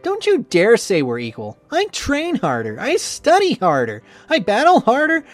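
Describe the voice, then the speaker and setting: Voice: mid-range voice, big pitch swings, normal speed, close to an everyday voice. A spiteful young rival man, voiced by the reader, sneers through every line and swears freely. The speech rises and falls in wide swings. Faint music plays behind him. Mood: angry. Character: bitter, resentful young male rival, sneering. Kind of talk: visual novel voice acting.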